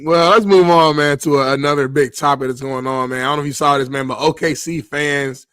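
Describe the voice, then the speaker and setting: Man, sports talk host, slangy casual storytelling, fairly high pitch. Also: steady tone, brisk, a bit bright, smooth, no room sound, studio quality. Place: Los Angeles area.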